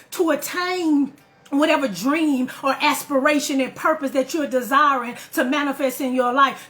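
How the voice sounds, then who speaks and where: A woman with a high-pitched voice delivers a motivational talk. She drives her points home through repetition and preacher-like build-ups, and she keeps asking the listener direct questions. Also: a bit bright. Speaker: motivational speaker.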